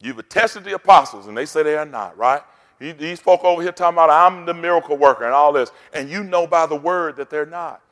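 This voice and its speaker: Preacher guy, kinda high voice, fired up call and response, big echoey church. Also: fairly quick, a bit bright. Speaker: pastor. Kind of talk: sermon. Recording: long hall reverb.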